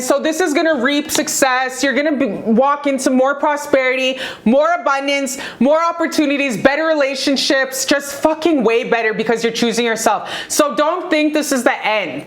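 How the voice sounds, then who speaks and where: A woman with a slightly high voice gives a casual tarot reading straight to camera. She talks in a fired-up, profane pep-talk manner, her pitch swinging up and down as she presses her points. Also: moderate pace, hardly any pauses. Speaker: tarot reader. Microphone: talking to camera.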